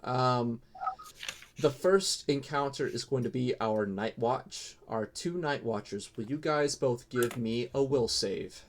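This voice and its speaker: A man narrating as game master, relaxed and casual with frequent fillers. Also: mid-range voice, takes it slowly, a little hiss or hum.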